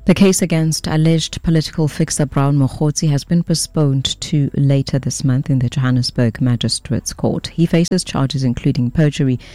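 A man reading a radio news bulletin in a measured, formal way. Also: medium pitch, steady tone, mellow, no room sound. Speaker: news anchor.

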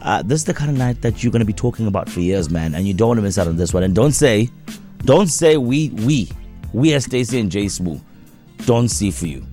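A man co-hosting a breakfast radio show, chatting casually with animated, slangy banter. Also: brisk, soft background music. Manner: animated, slangy, pitch jumping up for emphasis.

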